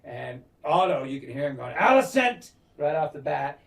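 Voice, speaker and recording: Man, co-host, casual recap, animated, swearing, distant mic. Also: medium pitch, normal speed, vocal fry. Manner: animated, swears a lot, acts out lines. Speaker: podcast co-host.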